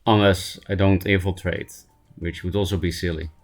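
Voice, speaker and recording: A man streaming a card game, thinking aloud and mocking himself, hoarse from laughing and often clearing his throat. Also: sits low, level tone, normal speed, soft background music. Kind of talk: casual gameplay commentary.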